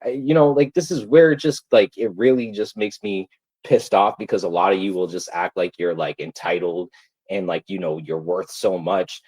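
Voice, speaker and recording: A man's voice: sits low, steady tone, moderate pace, a little mellow, rough recording. A man ranting angrily to his livestream viewers, heated, profane and repetitive. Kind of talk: angry livestream rant.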